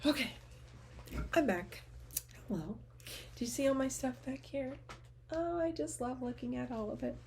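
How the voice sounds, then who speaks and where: A woman with a lowish voice chats casually at home, gushing over things and often dropping into soft, trailing murmurs. A faint hiss sits under her voice. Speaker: teacher and cross-stitch vlogger. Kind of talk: casual chat to camera.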